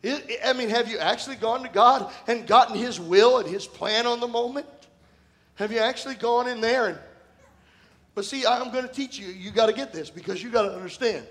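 A man pastor preaching a sermon in a church, telling personal stories in a conversational way that bursts into shouting and laughter. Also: extremely high pitch, brisk. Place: church sanctuary.

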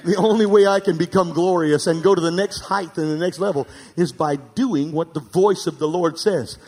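A man preaching a sermon as pastor, calling for amens and swinging from emphatic, near-shouted peaks to quiet asides. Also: a little high, moderate pace. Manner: calls for amens from the congregation.

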